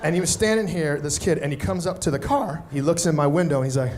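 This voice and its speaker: A man tells a stand-up story with a lot of animation and slips into voices for each person in it. His voice sits a little high, and steady noise runs under the played-back set. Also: fast. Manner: animated, acts out other people's voices. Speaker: stand-up comedian.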